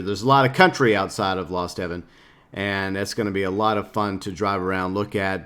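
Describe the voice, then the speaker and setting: A gaming YouTuber casually breaks down a game trailer, rambling, cracking jokes, and using lots of filler words. His mid-range voice is smooth and a bit bright.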